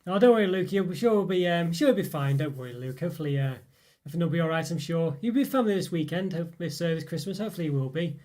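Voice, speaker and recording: A man's voice: on the high side, rapid-fire, few pauses, darkish tone. A man hosting a live stream, chatting in a rambling way and reading out viewer comments with lots of fillers and chuckles. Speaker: live stream host reviewing chocolate.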